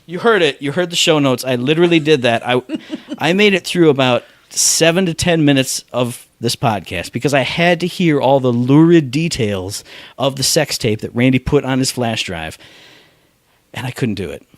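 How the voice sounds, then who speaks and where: Podcast guy cracking jokes, mid pitch, dry close sound. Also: lively intonation, moderate pace, no room sound. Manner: joking, mocks people in squeaky put-on voices. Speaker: podcast co-host. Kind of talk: casual chat.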